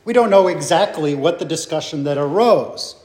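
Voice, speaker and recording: A man's voice: a little high, expressive, moderate pace, darkish tone. A man leading a Bible study group, thinking aloud with rhetorical questions and fillers.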